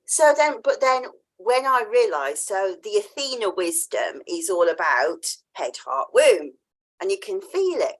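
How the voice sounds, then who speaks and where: A woman's voice: mid-range voice, sing-song, a little slow. A woman hosting a podcast interview, chatting casually and telling a story, acting out the voices she quotes and laughing often. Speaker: podcast host.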